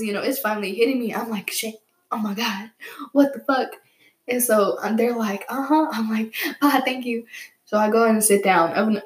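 Young woman hosting a casual podcast, mid-pitched, tells rambling stories and cusses freely, recorded in a roomy space. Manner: rambling, animated, swears freely. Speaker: podcast host. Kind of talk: casual storytelling.

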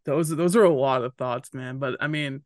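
A man's voice: mid-range voice, normal speed, no echo, clean studio sound. A man co-hosting a sports podcast, chiming in with short remarks and steering the chat back to the topic. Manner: encouraging, brief interjections, then steers the discussion. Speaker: podcast co-host.

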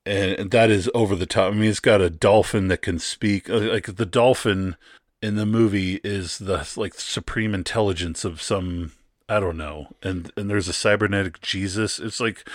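A man, co-hosting a podcast, talking through a movie in a halting, casual way with many restarts and easy laughs. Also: fairly low pitch, no echo, clean studio sound. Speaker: podcast co-host. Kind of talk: casual movie review chat.

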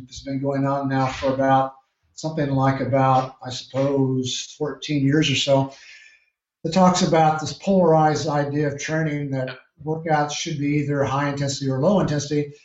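A man, a triathlon coach, answering interview questions in a measured, explanatory way with frequent restarts. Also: fairly high pitch, darkish tone. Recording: echoey distant lo-fi call.

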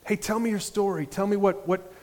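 A man voicing a gentle, compassionate Christian friend in a hushed, earnest way. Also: high-pitched, fairly even intonation, a little fast, in a large hall, natural voice.

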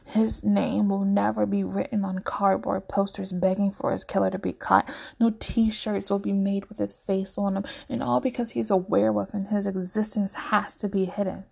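A woman voicing a grieving, angry teenage werewolf boy in a storybook reading, speaking quietly and bitterly. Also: mid-range voice, flat delivery, normal speed, gravelly, few pauses, breathy edge.

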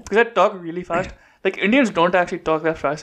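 High-voiced young man, joking podcast chat. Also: fast, fairly bright tone. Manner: joking, swears freely, laughs often. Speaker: podcast co-host. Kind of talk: casual chat.

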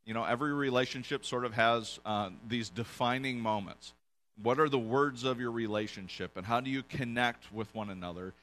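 A man preaching a casual sermon to a congregation, relaxed and joking, often restarting his sentences. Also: medium pitch, normal speed. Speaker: pastor. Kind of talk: casual sermon with audience volunteers. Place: church in front of a congregation.

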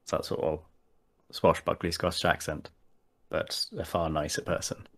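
Low-voiced guy rambling about tabletop games, lots of ums and restarts. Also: level tone, moderate pace. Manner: hesitant, many fillers and restarts. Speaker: podcast guest.

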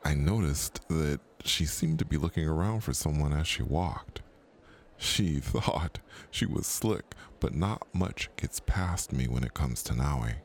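A man narrating a mystery story in a slow, hushed way, sometimes dropping to a whisper, over faint music. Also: a bass voice, lively intonation. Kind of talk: scripted audio drama narration.

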